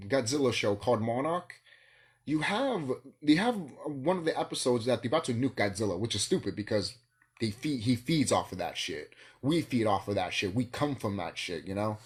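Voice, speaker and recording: A man's voice: medium pitch, sing-song, normal speed. A man vlogging in a rambling solo monologue, ranting and swearing, with bursts of laughter.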